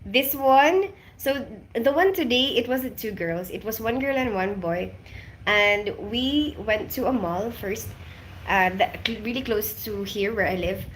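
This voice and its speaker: A woman's voice: on the high side, expressive, a little slow, a little hiss or hum. Chatty woman with mixed Filipino-British accent. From Philippines. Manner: chatty, laughs often, rambling storytelling. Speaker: livestreamer. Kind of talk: casual live-stream chat. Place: abroad in Colombia.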